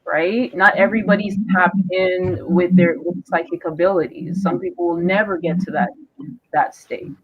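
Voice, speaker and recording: Canadian-born woman, fairly low voice, keeps saying like, muffled stream audio. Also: fairly even intonation, moderate pace, husky. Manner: emphatic, talks over others with many fillers. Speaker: panelist. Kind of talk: casual group discussion. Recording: dull lo-fi live stream audio.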